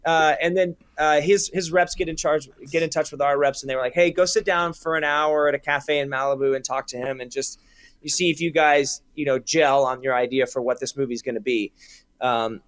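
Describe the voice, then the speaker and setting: A man, a film director being interviewed, telling an animated story with lots of restarts and quoted dialogue. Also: fairly high pitch, a little fast, clean tone, dry recording. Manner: animated anecdotes, many restarts and acted quotes.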